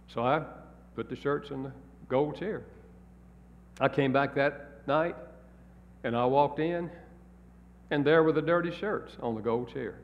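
A man's voice: mid-range voice, unhurried, pauses often, a little hiss or hum. A married man preaching a sermon in a folksy, plain-spoken storytelling way. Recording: echoey hall, dull lo-fi sound.

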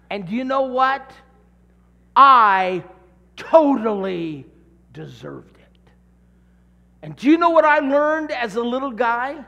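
A middle-aged man from California preaching a sermon, telling a childhood story with lively acted-out voices. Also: very high voice, measured pace. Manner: animated storyteller, acting out voices. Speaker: pastor. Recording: long hall reverb.

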